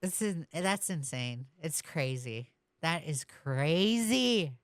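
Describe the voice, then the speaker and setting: A woman talks through casual commentary in a blunt, unhurried way, dropping swear words as she goes. Her voice sits low for a woman and comes across smooth and crisp. The recording is dry and close, with no room sound around her. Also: lively intonation, no room sound. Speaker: commentary YouTuber.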